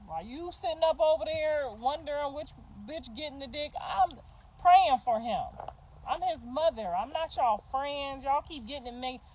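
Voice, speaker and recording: A middle-aged woman with a high voice delivers a heated, casual rant. She is profane, sassy and confrontational, and she laughs between her jabs as she speaks up for herself as a mother. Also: animated, normal speed, darkish tone, slight background noise, rough recording. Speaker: mother ranting on a livestream.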